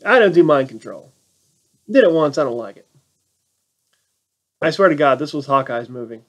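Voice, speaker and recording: A man's voice: a little high, animated, normal speed. A man giving a casual, sarcastic film review rant and mocking the plot. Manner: sarcastic, acts out quotes in mocking voices. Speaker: movie reviewer.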